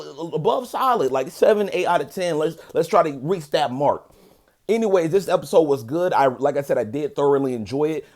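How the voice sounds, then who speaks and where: A man giving a relaxed, conversational review of an anime episode, full of filler phrases and quick self-corrections. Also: medium pitch. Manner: corrects himself mid-sentence. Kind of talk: casual spoken episode review.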